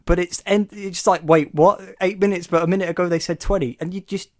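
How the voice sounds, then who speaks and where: Man, podcast host, casual chat, enthusiastic, rambling, higher voice, dry sound. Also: brisk, darkish tone, dry recording.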